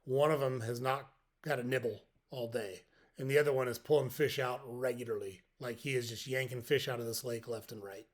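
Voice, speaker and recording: With a steady, medium-pitched voice and a brisk pace, this middle-aged podcast host delivers a reflective, folksy motivational talk. He walks through his points one by one, telling jokes to illustrate them.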